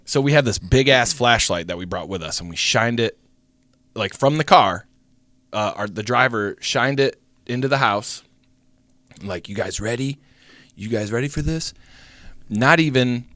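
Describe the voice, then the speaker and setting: A young man spins a story on a podcast, casual and profane, his pitch swinging widely as he acts out other people's lines. The sound is dry and close, with no room in it. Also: measured pace, dry recording. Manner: animated, swearing, acts out voices in the story. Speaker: podcast co-host.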